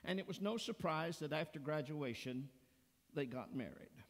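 A man preaching a sermon as pastor, telling a story slowly and deliberately. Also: a little high, animated. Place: church sanctuary. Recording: long church reverb.

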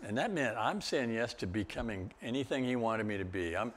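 An older man gives a testimony talk as a guest speaker, telling his story with a mid-range voice at a moderate pace. He keeps it lively with laughs and sudden exclamations.

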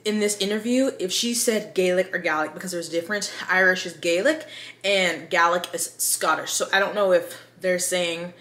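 A woman's voice: on the low side, normal speed, fairly bright tone, roomy sound. A woman hosting a book video, chatting casually in a rambling, self-aware way and reading from an article.

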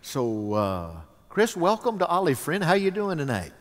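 A man leading an interview as pastor on a church stage, folksy and hesitant, with many pauses and amens. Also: fairly high pitch, sing-song. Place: church sanctuary. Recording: long reverb of a large hall.

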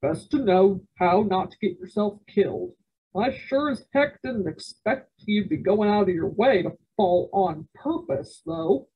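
A woman voicing a stern, skeptical frontier father who speaks slowly. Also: mid-range voice, sing-song, husky, muffled recording, full character voice. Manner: slow, clipped, stern.

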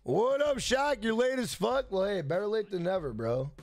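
A young man streaming a game, loud and brash, yelling and swearing as he answers his chat. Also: high-pitched, lively intonation, normal speed, gravelly, no echo, soft background music. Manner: loud, yells to be heard; brash and profane, reads chat aloud. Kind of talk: casual live-stream chat.

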